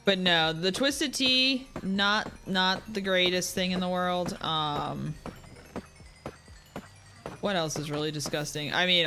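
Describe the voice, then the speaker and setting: Blunt streamer with a bright, forceful voice, swears freely and talks to chat. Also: mid-range voice. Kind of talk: casual gaming stream chat.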